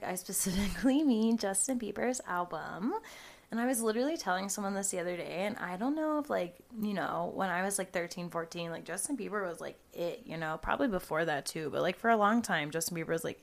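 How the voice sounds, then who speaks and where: A woman's voice: medium pitch, vocal fry. A young woman hosting a podcast in casual chat, rambling and swearing a lot, with "like" in every other phrase. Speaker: podcast host.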